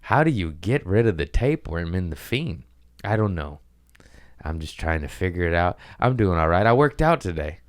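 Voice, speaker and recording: A podcast host with a low voice rambles through his casual comedy show in a profane, self-mocking way. The sound is clean studio quality with no room sound, recorded at home while gardeners work outside.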